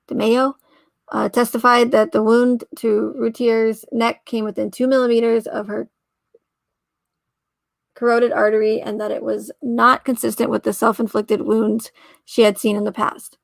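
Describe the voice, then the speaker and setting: A woman's voice: on the high side, creaky, dry recording. A woman hosting a casual livestream, reading aloud and rambling, often trailing off, correcting herself and laughing. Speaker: livestream host.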